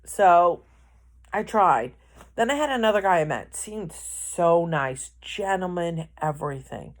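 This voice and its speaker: A woman's voice: fairly low pitch, lively intonation, measured pace. A woman telling a rambling personal anecdote in a casual vlog, correcting herself as she goes. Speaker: vlogger. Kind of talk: casual storytelling.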